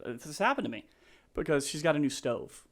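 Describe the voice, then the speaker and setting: Halting, earnest man on a podcast. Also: on the high side, very animated. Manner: halting, full of restarts and fillers; earnest, gets emotional and laughs. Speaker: real estate agent, podcast guest. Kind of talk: casual interview chat.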